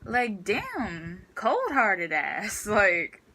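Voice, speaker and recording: Teen girl, ranting vlog, bright crisp voice, exasperated, filler-heavy. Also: medium pitch, unhurried, a little hiss or hum, poor audio. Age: teens. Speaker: student vlogger.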